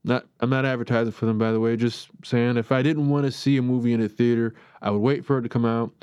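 A man's voice: medium pitch, steady tone, quick pace, darkish tone, clear, resonant tone, no room sound, dull audio. Male podcast host, chatty and opinionated, dry close-miked recording. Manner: chatty and rambling, self-described as opinionated. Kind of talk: casual film review monologue.

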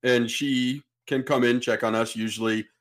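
Man telling a story with animated energy. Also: medium pitch, moderate pace. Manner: animated, acts out the people in his story. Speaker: podcast host. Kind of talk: casual storytelling.

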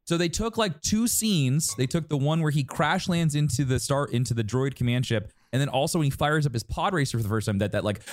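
A man's voice: fairly high pitch, expressive, a little fast, few pauses, no room sound, studio quality. A man co-hosting a podcast, rambling in casual chat with many restarts and fillers. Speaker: podcast co-host.

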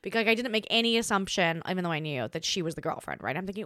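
Talking rapid-fire, a chatty young woman who hosts a podcast tells a casual story in a dry, studio-quality recording. Her delivery is animated and stuffed with "like"s and restarts, and she mimics quoted voices with large jumps in pitch.

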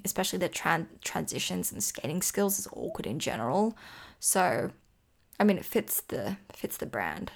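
This is a woman co-hosting a relaxed conversation about figure skating. She talks in a chatty, gushing way and keeps tossing in playful asides. Her voice sits at an ordinary middle pitch. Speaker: podcast co-host. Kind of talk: casual chat reviewing figure skating.

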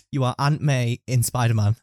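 A woman's voice: very deep voice, unhurried, warm tone, no echo, studio quality. A woman hosting a casual party game, teasing and reading out prompts. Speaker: game host.

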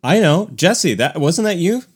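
A man trades memories with his bandmates, and his pitch swings widely as he talks, jumping up when he sings a phrase or gets excited. He reads listener mail in a loose, conversational way. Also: unhurried, slightly rough. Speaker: podcast co-host, musician. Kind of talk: casual chat.

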